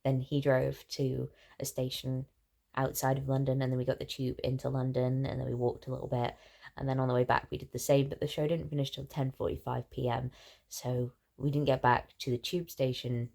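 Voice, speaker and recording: Young woman, low-pitched, worn out and losing her voice; rambling, giggly book vlogger talking from bed. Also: level tone, a little fast, vocal fry, warm tone. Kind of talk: casual chatty vlog. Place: lying in bed.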